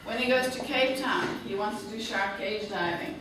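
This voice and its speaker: A woman giving a guest lecture to students, speaking slowly and clearly and often checking in with "okay?". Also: mid-range voice. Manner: slow, clear teaching talk, checks in with frequent "okay?". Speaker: tour operator director giving a guest lecture. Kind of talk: classroom presentation to students. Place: university classroom. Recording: echoey classroom, distant mic, faint noise.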